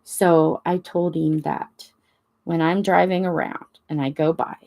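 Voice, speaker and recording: Gravelly low-voiced woman telling a story. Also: unhurried. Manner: rambling, animated retelling with quoted dialogue. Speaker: crafting channel host. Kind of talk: casual storytelling chat.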